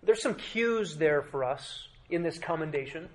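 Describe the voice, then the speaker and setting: A man preaching a sermon as pastor, emphatic, with dramatic drops to a quiet voice and rhetorical questions to the congregation. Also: fairly high pitch, animated, unhurried.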